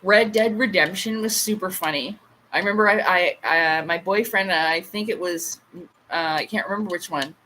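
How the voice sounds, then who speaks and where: A woman's voice: on the low side, normal speed, sharp tone, slight background noise, poor audio. A woman in her late thirties hosting a casual livestream chat, a rambling storyteller with frequent asides. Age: late 30s. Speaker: livestream host.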